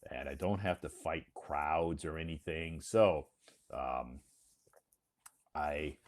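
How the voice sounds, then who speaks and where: An American man speaks in a very deep voice. He hosts a casual, friendly chat, slowing down and repeating things back so the other person can follow. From United States. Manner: friendly, slow and encouraging, repeats to clarify. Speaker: host.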